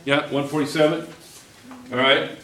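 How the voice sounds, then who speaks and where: A man's voice: a little high, fairly even intonation, normal speed, a bit bright, recorded from a distance. A man teaching a physics class, joking and teasing his students as he works through problems. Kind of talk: classroom lesson. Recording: echoey classroom.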